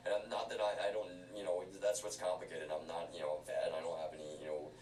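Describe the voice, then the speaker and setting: A man's voice: low voice, flat delivery, fast talker, darkish tone, far from the mic. A man livestreaming, talking at length in an earnest, insistent way, often repeating himself and restarting his sentences. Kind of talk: rambling livestream talk. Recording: roomy, off-mic, faint hiss.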